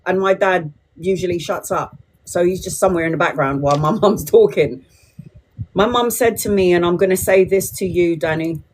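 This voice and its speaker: A woman's voice: lowish voice, moderate pace, a little mellow, slight background noise. Sweary chatty woman in her forties. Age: 40s. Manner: chatty, blunt and sweary, talking straight to viewers. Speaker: tarot reader on a livestream. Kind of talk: casual livestream chat to viewers.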